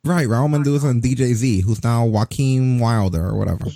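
A man's voice: medium pitch, a little fast, gravelly, warm tone, no room sound. A man in his forties ranting profanely in a casual podcast chat. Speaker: podcast co-host. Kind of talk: casual wrestling review chat.

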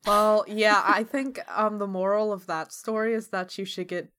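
A woman's voice: mid-range voice, fairly even intonation, moderate pace, fairly bright tone. A woman co-hosting a podcast in casual chat, easygoing with wry reactions. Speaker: podcast co-host.

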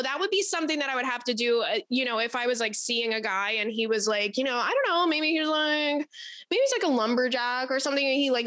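A young woman hosts a casual advice podcast with a fairly high voice. She rambles through her stories in an animated way and swears freely. The recording is dry and close to the mic. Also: dry recording. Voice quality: animated, profane, rambling storyteller. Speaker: podcast host.

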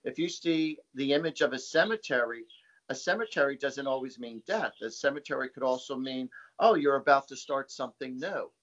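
A man's voice: mid-range voice, expressive, brisk, fairly bright tone, lo-fi sound. A man, a psychic guest, telling stories casually in an interview, rambling with many fillers and repeated words.

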